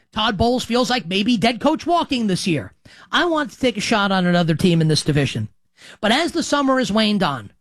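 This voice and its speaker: A man's voice: high-pitched, a bit bright, no echo. A man in his thirties hosting a sports radio show, delivering a brash, emphatic monologue with jokey asides.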